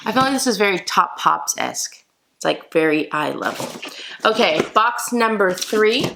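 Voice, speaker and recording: A woman vlogger chatting excitedly to her viewers while opening mystery boxes for an unboxing video. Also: medium pitch, normal speed, gravelly, background noise. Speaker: toy collector vlogger. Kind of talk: casual unboxing vlog.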